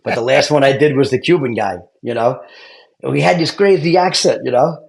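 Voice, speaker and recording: Animated New man in his fifties. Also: mid-range voice, fairly quick, creaky. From Brooklyn, New York. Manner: animated, swearing, acts out quotes. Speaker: guest, retired fire lieutenant. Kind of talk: casual storytelling chat.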